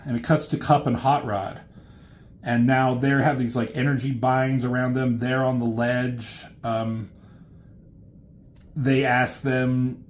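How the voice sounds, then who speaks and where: A man's voice: mid-range voice, flat delivery, takes it slowly, slight background noise. A man casually retelling a comic book story as a reviewer, loose and rambling, swearing freely along the way.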